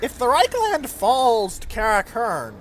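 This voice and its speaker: Animated high-voiced man narrating gameplay. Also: unhurried, a little hiss or hum. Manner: chatty, animated, swears casually. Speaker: let's play host. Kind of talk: gameplay commentary.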